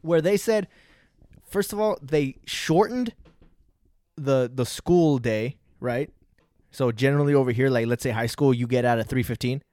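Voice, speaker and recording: A man's voice: medium pitch, normal speed, a little mellow, dry recording, studio quality. A young man co-hosting a podcast in casual chat, laid-back and swearing freely, acting out people's lines as he talks. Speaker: podcast co-host.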